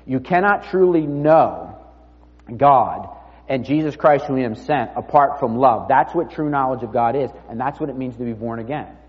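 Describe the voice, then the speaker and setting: A man preaching a sermon in a conversational, storytelling way, often dropping his voice low and quiet. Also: normal speed. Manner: conversational storytelling, drops to near-murmur. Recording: dull sound with long reverb in a hall.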